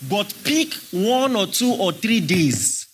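A man's voice: high voice, sing-song, takes it slowly, breathy edge. A man preaching a sermon, emphatic and questioning his congregation as he teaches. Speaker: pastor.

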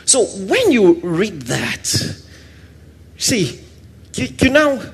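A man preaching a sermon, swinging between loud exclamations and soft asides and acting out little scenes. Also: high voice, wildly swooping pitch, extremely slow, breathy edge. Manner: acts out little scenes with quoted voices and laughter.

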